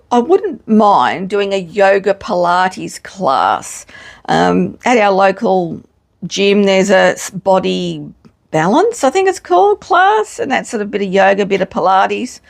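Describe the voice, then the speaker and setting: A middle-aged woman vlogger chats casually to camera, frank and self-mocking, swearing freely. Her mid-range voice swings widely in pitch, she takes her time, and there's vocal fry.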